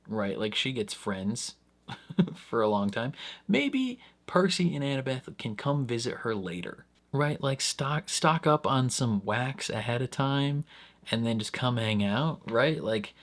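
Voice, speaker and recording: A man hosting a casual reaction review, rambling in an easygoing way, chuckling often, and jumping his voice up on asides. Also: fairly low pitch. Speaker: reaction channel host.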